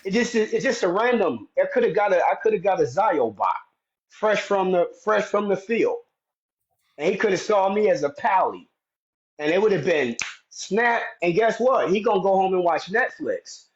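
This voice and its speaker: A man with a somewhat high voice rambles through a live stream, restarting his sentences and getting indignant. The audio is muffled and lo-fi, like a phone stream. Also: expressive, moderate pace. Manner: rambling, many restarts and fillers; heated, indignant storytelling.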